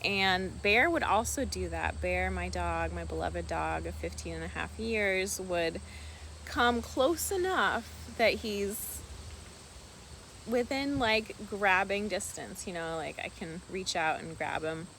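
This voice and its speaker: Soft, slow-talking woman outdoors. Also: fairly low pitch, slight background noise. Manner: soft-spoken, meandering, affectionate toward her pets. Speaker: vlogger and duck keeper. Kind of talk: casual rambling vlog. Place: outdoors on a rural farm by water.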